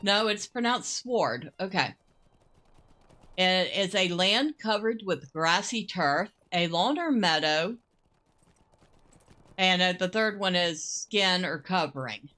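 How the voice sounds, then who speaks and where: Playing through a game, a woman hosts with relaxed, chatty commentary, thinking out loud and laughing readily. Her lowish voice comes across as pushed and bright.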